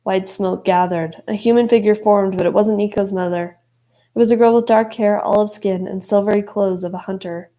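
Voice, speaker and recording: A woman's voice: mid-range voice, fairly even intonation, normal speed, mellow, low-quality recording. A woman narrating an audiobook expressively, voicing each character. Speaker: audiobook reader.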